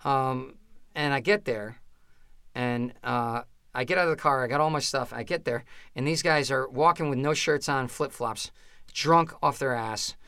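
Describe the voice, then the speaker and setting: Lively, bright-voiced man telling stories. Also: medium pitch, moderate pace, smooth, no room sound, studio quality. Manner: animated storyteller acting out other people's voices. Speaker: comedian guest. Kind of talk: casual storytelling interview.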